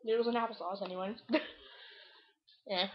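A woman's voice: mid-range voice, fairly even intonation, moderate pace, background noise. Goofy young woman, dull lo-fi sound. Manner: goofy, rambling, jumps into silly bits and shrieks. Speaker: vlogger. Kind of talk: random silly vlog. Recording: dull lo-fi webcam audio.

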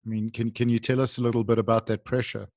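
A man's voice: medium pitch, level tone, fast talker, a little mellow, no room sound, clean studio sound. A man hosting a podcast interview, asking encouraging and reflective questions. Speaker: podcast host.

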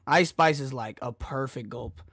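A young man streaming a casual reaction chat, crude and excitable, jumping between loud outbursts and low mutters into a desk mic. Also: unhurried, breathy edge, no echo, clean studio sound. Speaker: streamer reacting to a music video.

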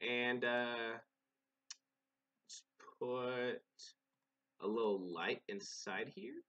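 A man's voice: mid-range voice, fairly even intonation, very slow, a bit bright, lo-fi sound. A young man giving casual, rambling, profane commentary while playing a game, often restarting his sentences. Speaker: gaming channel host.

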